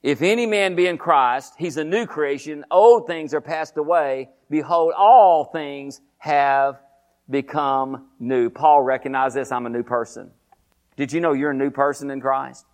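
A man preaching a sermon, talking fast and emphatically, often repeating phrases. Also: a little high.

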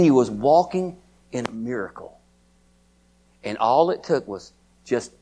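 Folksy preacher man, repetitive. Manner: folksy, repeats words, rises to high excited pitch when preaching; addresses listeners by name. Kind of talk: sermon.

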